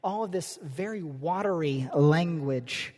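A woman's voice: low-pitched, measured pace, warm tone. Woman preaching in a reverberant hall. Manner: earnest, reads scripture aloud with emphasis. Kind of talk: sermon.

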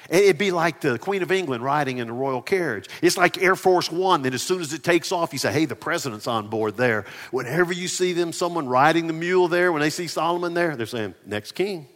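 A man preaching a sermon, swinging between loud emphasis and quiet asides. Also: a little high. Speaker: pastor. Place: church near ball fields and a parking lot. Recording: echoey church hall.

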